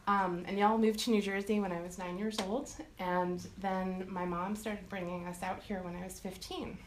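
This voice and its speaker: A woman shares a heartfelt remembrance at a memorial. She speaks hesitantly and nervously, filling pauses with "um." Her voice rings in a roomy hall, with faint noise underneath. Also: mid-range voice, little pitch movement. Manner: nervous, hesitant, many "um"s, tender. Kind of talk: personal remembrance. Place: memorial gathering room.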